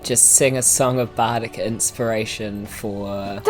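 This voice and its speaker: A woman's voice: extremely low pitch, fairly even intonation, unhurried, soft background music. A woman with a New Zealand accent playing in a tabletop game, joking and laughing often. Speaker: player.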